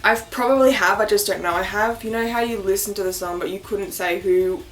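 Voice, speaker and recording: A young Australian woman vlogging in a casual, excitable way, laughing often and swearing casually. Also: mid-range voice, a little fast, soft background music. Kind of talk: casual chat.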